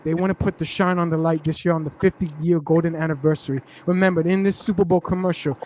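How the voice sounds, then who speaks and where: A man's voice: on the high side, fast talker. A man hosting a casual sports podcast, telling long rambling stories full of slang. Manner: rambling, animated storytelling with slang. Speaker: podcast host.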